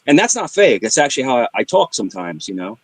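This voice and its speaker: A middle-aged man appears as a livestream guest, telling funny stories in casual chat with a mid-range voice at a quick pace. He's an animated storyteller, packing in sound effects and switching between voices, and the recording has no room sound.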